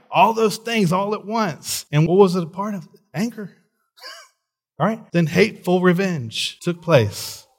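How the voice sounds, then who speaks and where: A middle-aged man preaching a sermon in an animated way, often checking in with "right?" and laughing. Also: on the high side. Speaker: pastor.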